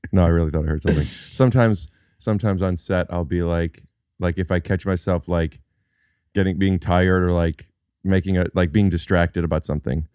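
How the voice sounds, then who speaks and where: A man's voice: low voice, fairly even intonation, normal speed, darkish tone, clear, resonant tone, no echo, studio quality. A man hosting a podcast in casual comedic chat, rambling and restarting his thoughts as he goes. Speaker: podcast host.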